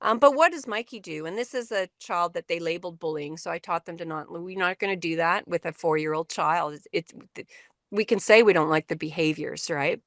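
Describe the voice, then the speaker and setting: A woman's voice: lowish voice, fairly quick, fairly bright tone, dry recording, studio quality. A middle-aged woman presenting a workshop on a video call, telling a story to educators in a conversational way, with frequent restarts and fillers.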